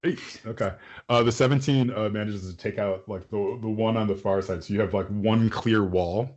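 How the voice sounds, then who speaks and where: A man's voice: lowish voice, steady tone, normal speed, a little mellow. Man, game master, rambling scene descriptions, dull lo-fi sound. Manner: loose, rambling descriptions full of fillers. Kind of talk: running a tabletop game.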